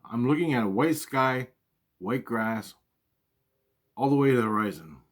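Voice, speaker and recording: A man's voice: medium pitch, expressive, moderate pace. A man casually telling a personal spiritual story, swearing freely and talking in an earnest, conversational way.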